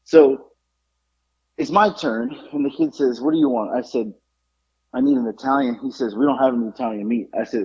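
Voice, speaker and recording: A man's voice: medium pitch, fairly quick, slightly rough, highs cut off. A man co-hosting a podcast, telling a story in casual chat and acting out the people in it. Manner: animated, acts out the people in his story. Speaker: podcast co-host.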